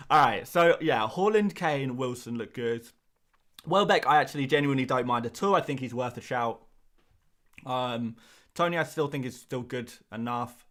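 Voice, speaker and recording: Brief: male stream host, casual and jokey, bright voice. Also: medium pitch, expressive, normal speed. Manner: jokey, laughs often, reads chat aloud. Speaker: fantasy football livestream host. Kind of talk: casual livestream chat.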